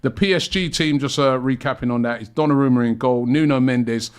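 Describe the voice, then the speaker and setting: A man's voice: mid-range voice, brisk, clear, resonant tone. A man hosting a casual football chat show, chatty and rambling with lots of fillers. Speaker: show host.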